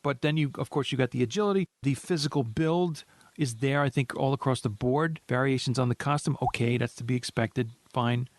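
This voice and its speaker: Measured man in dry movie-podcast chat. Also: mid-range voice, no room sound. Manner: measured, thoughtful, trails off into restarts. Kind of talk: casual movie discussion.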